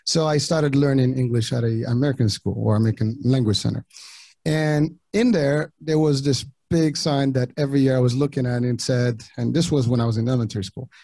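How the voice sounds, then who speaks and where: Moroccan-born man, dark warm voice. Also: mid-range voice, dry recording. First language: French and Arabic. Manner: halting, with many restarts and fillers. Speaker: podcast guest. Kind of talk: casual interview talk.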